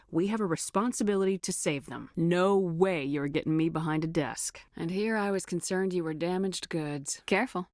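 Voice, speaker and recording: A woman's voice: fairly low pitch, a little mellow, no echo, studio quality, natural voice. Shepard, a woman playing a blunt starship commander. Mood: earnest. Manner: blunt, clipped military talk. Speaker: commanding officer. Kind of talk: video game voice acting.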